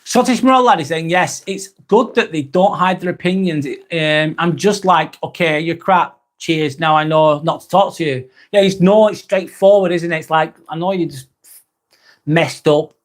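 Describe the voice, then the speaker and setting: A man's voice: a little high, normal speed. Chatty man hosting a live vlog. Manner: relaxed and chatty, with frequent ums and casual swearing. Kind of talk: casual live-stream chat reading out viewer comments.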